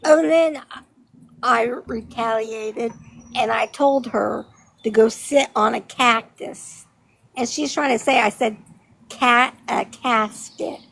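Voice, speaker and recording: A woman's voice: fairly high pitch, slow, gravelly, a bit bright, low-quality recording. A woman in casual chat, retelling a dispute with some frustration.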